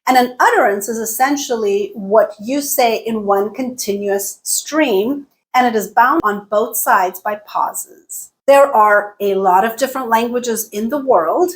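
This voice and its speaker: Woman, fairly high voice, language teacher, deliberate, stresses key words, scripted lesson. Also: poor audio. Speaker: English teacher and channel host.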